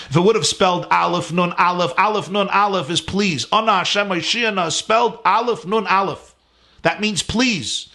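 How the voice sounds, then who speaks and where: Earnest high-voiced rabbi teaching from home. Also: male voice, sharp tone. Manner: earnest, emphatic, lists words in rising cadence. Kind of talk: sermon-style class. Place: his home.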